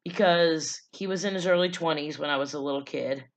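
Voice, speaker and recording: A woman's voice: deep voice, brisk. A woman vlogger telling her life story in a loose, casual way, blunt and profane, with lots of fillers.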